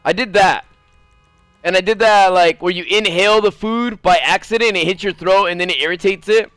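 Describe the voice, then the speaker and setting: A man streaming a video game, chatting casually with his viewers in a low, mumbly voice and swearing now and then. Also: fairly quick, a bit bright, clear, resonant tone, no echo. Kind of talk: casual gaming stream chat.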